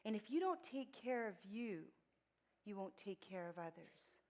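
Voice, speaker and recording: A middle-aged woman, a guest speaker at a church, telling a personal story in a lively way, with laughs and voiced quotes. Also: mid-range voice, normal speed, rough recording.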